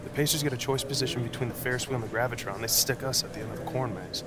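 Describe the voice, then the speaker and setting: A man's voice: mid-range voice, very fast, a crowd in the background, lightly acted. An actor playing a young male basketball teammate who complains about their spot at a fair. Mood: grumbling. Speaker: basketball player. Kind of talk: video game voice acting.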